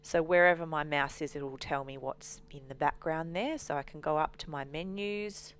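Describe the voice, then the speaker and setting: A woman walking through a software demonstration as a trainer, explaining steadily with frequent ums. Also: sits low, normal speed, clear, resonant tone.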